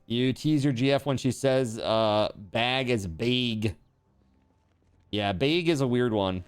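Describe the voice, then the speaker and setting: A man's voice: medium pitch, measured pace, clear, resonant tone. A man streaming a video game, chatting casually and teasingly with his viewers as he plays. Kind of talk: casual chat while gaming on stream.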